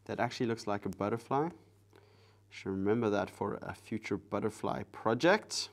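A man hosting a live drawing stream, chatting casually with viewers in a soft, relaxed way while he works. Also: fairly low pitch, moderate pace, gravelly. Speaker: live-stream artist host.

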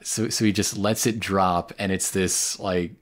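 A man co-hosting a podcast, chatting casually and joking, laughing often and speeding up when excited. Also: low-pitched, a little slow. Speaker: podcast co-host. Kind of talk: casual chat recapping an anime.

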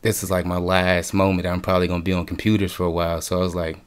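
Laid-back low-voiced young man, swearing. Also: little pitch movement, rapid-fire, smooth. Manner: laid-back, laughs often, swears casually. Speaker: podcast guest, artist. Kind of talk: casual chat.

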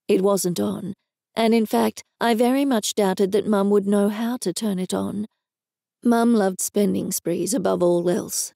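An Australian woman narrating a story in first person on a close microphone, in a wry, even manner. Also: mid-range voice, gravelly, dry recording. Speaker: audiobook narrator.

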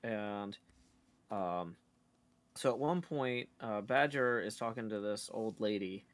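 A man's voice: on the low side, slow. A man chatting casually on a live stream, rambling through stories with many fillers and restarts. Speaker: co-host on a stream. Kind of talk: casual chat.

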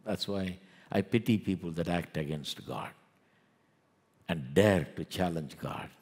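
A low, husky-voiced pastor with an Indian English accent delivers a lively sermon. His words ring out with a long echo in a church hall. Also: measured pace. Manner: animated preaching, acts out scoffers.

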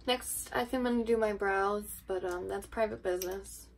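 A woman's voice: medium pitch, fairly even intonation, moderate pace, a little hiss or hum. A woman vlogger chatting casually through a makeup tutorial, rambling with self-deprecating asides, filmed at home on a tripod camera.

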